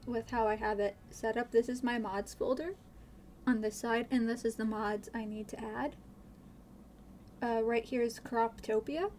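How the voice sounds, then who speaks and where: A woman's voice: a little high, a little mellow, a little hiss or hum. A woman streamer chatting casually while modding a game, rambling, swearing freely and laughing nervously.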